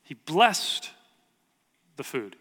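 Bright-voiced preacher in a reverberant hall. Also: male voice, a little high, very animated, extremely slow, slightly rough. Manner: earnest, conversational preaching with rhetorical questions. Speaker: pastor. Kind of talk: sermon.

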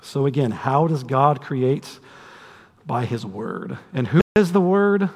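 A man preaching a sermon to a congregation, conversational and animated, with humorous asides. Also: mid-range voice, takes it slowly, creaky, slightly rough. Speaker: pastor. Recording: long hall reverb.

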